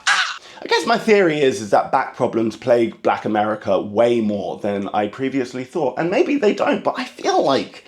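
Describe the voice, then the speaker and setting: An English stand-up comedian tells a comic story in a quick, animated monologue, bursting into high mock voices. He talks fast and sounds impatient.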